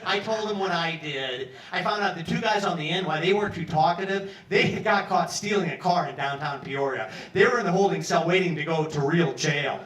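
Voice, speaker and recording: A man's voice: on the high side, a little fast, few pauses, fairly bright tone. A man in his sixties telling a casual, profane story live in a pub. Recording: roomy pub from far off.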